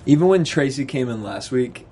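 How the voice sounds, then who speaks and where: A man hosting a casual TV recap chat, relaxed and chatty with many fillers. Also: mid-range voice, moderate pace, a little hiss or hum. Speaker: show host.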